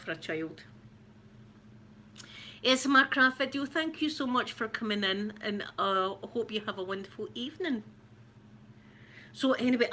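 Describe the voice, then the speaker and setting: Her mid-range voice has a sharp tone as this middle-aged Scottish woman hosts a casual ASMR livestream. She rambles and calls out viewers by name, with slight background noise behind her.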